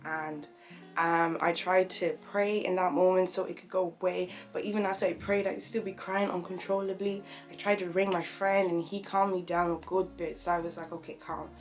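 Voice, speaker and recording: A young woman, talking openly and reflectively in a personal vlog. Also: fairly low pitch. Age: young adult. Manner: open, conversational, reflective. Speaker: vlogger.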